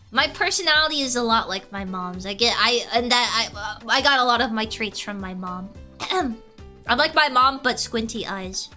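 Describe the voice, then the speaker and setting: A young woman streamer chatting casually and telling stories, laughing often. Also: high-pitched. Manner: giggly, animated storytelling. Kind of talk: casual chat with chat.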